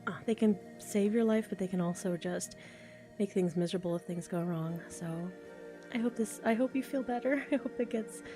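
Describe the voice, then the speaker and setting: A woman's voice: mid-range voice, moderate pace, music in the background. A young woman who makes voice recordings, chatting casually on a live stream, reading chat comments, thinking aloud and laughing often. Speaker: ASMR voice creator streaming live. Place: home, a train passing outside.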